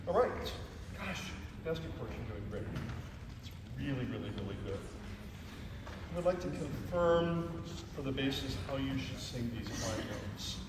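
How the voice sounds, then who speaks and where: A man's voice: medium pitch, lively intonation, unhurried. A man conducting a choir rehearsal, giving patient, encouraging instructions and joking about his own singing. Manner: encouraging, self-deprecating, explains patiently. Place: large concert hall. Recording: echoey hall from far off, with background noise.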